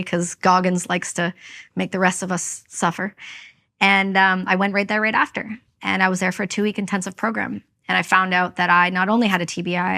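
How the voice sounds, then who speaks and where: A veteran from Canada, she's a podcast guest telling her story in interview, her medium-pitched voice creaky, pushed, and bright. Her manner is frank and emphatic, and she acts out the things others said.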